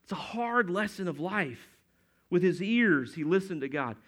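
A man's voice: sits high, animated, measured pace, a bit bright. A middle-aged man preaching a sermon as pastor, in a conversational, storytelling way that acts out quotes.

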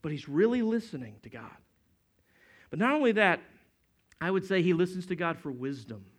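A man's voice: high voice, big pitch swings, moderate pace. A middle-aged man preaching a sermon as pastor, in a conversational, storytelling way that acts out quotes.

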